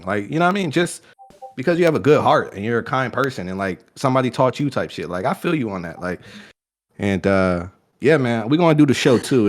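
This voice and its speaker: A man chatting casually as a guest, relaxed and agreeable, using slang. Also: medium pitch. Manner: laid-back, agreeing, slangy. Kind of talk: casual podcast banter.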